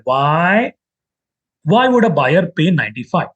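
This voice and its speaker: Indian male trading tutor, husky, higher pitch, lively delivery on a lo-fi webcam mic. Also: moderate pace. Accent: Indian English. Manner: animated, acts out buyers and sellers in quoted voices. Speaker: trading teacher. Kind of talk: live online trading class. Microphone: webcam mic on a video call.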